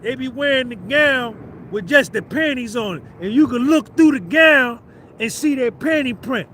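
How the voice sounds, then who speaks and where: A man's voice: very high voice, lively intonation, moderate pace, sharp tone, slight background noise. A man with a New Jersey accent, hosting a casual livestream and rambling with viewers in profane banter. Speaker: livestream host.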